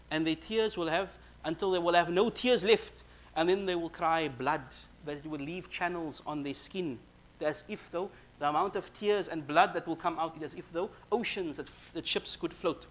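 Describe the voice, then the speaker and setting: A man giving a sermon, quickly reciting verses and then explaining them in casual, conversational English. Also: on the high side, a little hiss or hum. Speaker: Islamic preacher.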